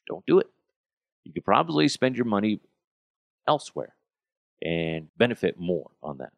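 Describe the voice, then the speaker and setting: A gravelly male podcast host who rants bluntly and swears freely. His pitch swings widely as he jumps from loud bursts to low mutters. He is recorded close on a dry mic. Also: very animated, normal speed, no room sound, muffled recording. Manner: blunt, profane ranting. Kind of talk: casual chat.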